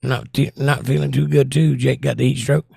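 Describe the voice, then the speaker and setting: A hoarse, squeaky-voiced man hosting a casual livestream and reading chat messages aloud in a wry, blunt way. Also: little pitch movement, moderate pace, mellow, no echo, studio quality. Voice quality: squeaky, croaky. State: hoarse, losing his voice.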